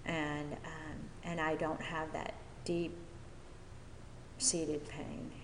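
A woman giving a personal testimony from a podium at a recovery meeting, talking haltingly with many fillers and restarts. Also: sits low, flat delivery, gravelly, background noise. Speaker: speaker sharing at a recovery meeting. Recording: echoey hall with long reverb.

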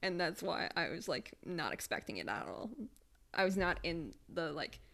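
A young woman tells a long story on a casual podcast. Her voice sits fairly low and turns gravelly with vocal fry. She swears freely and tells it with animated energy. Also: moderate pace. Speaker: podcast co-host.

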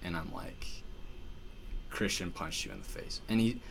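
Low-voiced man telling a rambling story. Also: moderate pace, vocal fry, slight background noise. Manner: animated, filler-heavy storytelling with many "like"s. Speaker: podcast guest telling a story. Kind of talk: casual storytelling chat.

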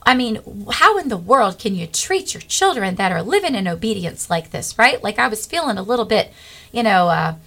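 A middle-aged woman, a guest, telling a personal faith testimony in an earnest, animated way. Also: medium pitch, fairly quick, vocal fry.

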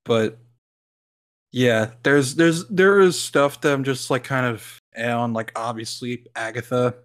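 A podcast co-host with a mid-range voice talks a little slowly in casual chat. He rambles, fills his speech with likes and ums, and laughs frequently.

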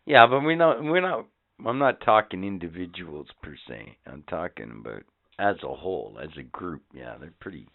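A man hosting a podcast in profane, rambling casual chat, swinging between loud and quiet. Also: deep voice, lively intonation, normal speed, creaky. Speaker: podcast host. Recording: phone-like lo-fi audio.

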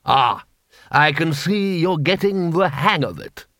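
A man's voice: fairly high pitch, animated, takes it slowly, fairly bright tone, no room sound, clean studio sound, voice pushed up, exaggerated voice. A man voicing a cool, cunning city ruler who speaks in precise, dryly ironic sentences.

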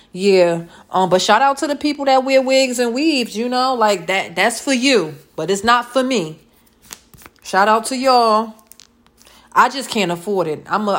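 A woman telling a casual storytime monologue in a chatty, emphatic way, repeating phrases to drive her points home. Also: mid-range voice. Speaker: vlogger telling a work story.

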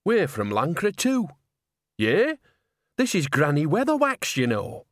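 A man's voice: a little high, wildly swooping pitch, slow, no echo, studio quality, pitched above the performer's own voice, full character voice. A man voicing chatty old witch woman. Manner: chatty, bright, coaxing.

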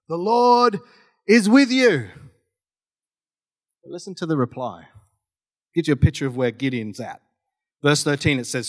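A middle-aged man preaching a sermon, reading scripture dramatically and telling stories in a lively, conversational way. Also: a little high. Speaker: pastor.

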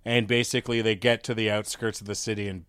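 A man's voice: on the low side, flat delivery, quick pace, fairly bright tone, smooth, dry recording, clean studio sound. A man co-hosting a podcast in casual chat, rambling through stories with many restarts, swearing and "like"s. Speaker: podcast co-host.

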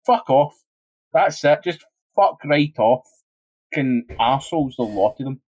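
A man's voice: medium pitch, expressive, measured pace, darkish tone, poor audio. A young Scottish man on a casual podcast, ranting heatedly and swearing constantly. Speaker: podcast co-host.

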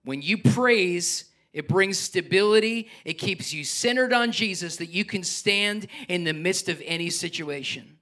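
A middle-aged man preaching a sermon as pastor, swinging between loud exhortation and quiet, personal asides. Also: high voice, measured pace, few pauses.

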